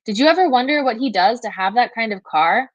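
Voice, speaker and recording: A woman's voice: fairly high pitch, animated, brisk, no room sound, muffled recording, voice pushed up. A woman reading as a coaxing woman detective. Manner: coaxing, persuasive.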